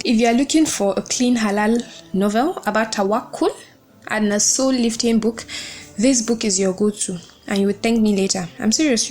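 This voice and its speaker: Emotional young woman reviewing a book. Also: on the high side. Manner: emotional and expressive, gushing. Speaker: podcast host reviewing a book.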